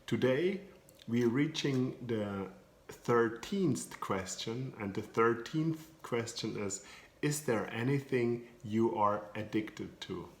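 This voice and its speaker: A man's voice: medium pitch, animated, slow. A man with a German accent, a coach giving an educational video talk in English with hesitant, non-native phrasing and many filler sounds. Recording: echoey room.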